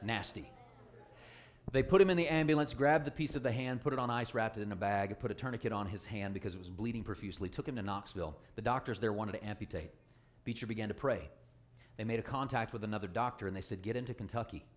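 A man's voice: lowish voice, quick pace. A man preaching a sermon, joking with the congregation and calling for responses. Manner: call-and-response, joking, emphatic.

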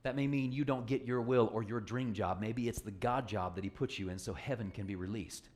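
A man's voice: lowish voice, fairly quick, a little mellow. A man preaching a sermon, joking with the congregation and calling for responses. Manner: call-and-response, joking, emphatic.

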